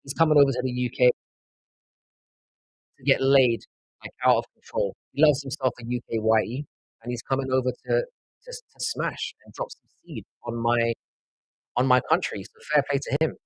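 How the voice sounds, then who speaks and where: A man's voice: mid-range voice, steady tone, normal speed, pauses often, no room sound, low-quality recording. A man from London with a South London accent, hosting a casual live stream and trading rambling, profane banter with his chat. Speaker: livestream host.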